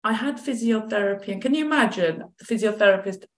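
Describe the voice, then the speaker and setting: A woman, a chronic pain coach as guest, telling a personal story in lively conversation and acting out what others said. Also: medium pitch, fast, echoey room. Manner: animated, acts out quoted dialogue.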